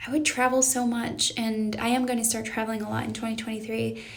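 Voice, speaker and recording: A woman's voice: fairly high pitch, level tone, quick pace, vocal fry. A young woman, a life coach, chatting earnestly on a live stream and reading out viewers' questions. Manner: earnest, reflective, reads viewer questions aloud. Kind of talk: casual live-stream chat. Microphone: phone or webcam on a live stream.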